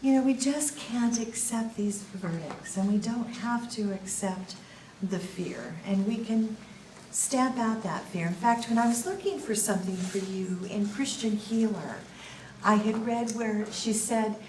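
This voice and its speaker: An older woman speaking at a faith workshop, telling a story in a lively, storytelling way and laughing at her own punchlines, recorded from a distance in an echoey room. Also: medium pitch, a little slow. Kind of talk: faith testimony to a small group. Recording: echoey room from a distance, faint background noise.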